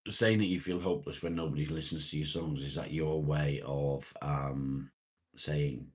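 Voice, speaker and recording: Very deep husky man chatting. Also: steady tone, a little mellow. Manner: unhurried, rambling, greets chatters by name. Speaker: live-stream host reading viewer comments. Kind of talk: casual morning live chat.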